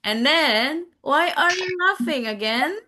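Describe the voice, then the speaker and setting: Give me a woman teacher, fairly high voice, coaxing her class through questions. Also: lively intonation, unhurried, a loud crowd. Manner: coaxing, quizzes students by name, frequent "oke". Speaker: English teacher. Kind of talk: interactive online class, repeating each English phrase in Indonesian.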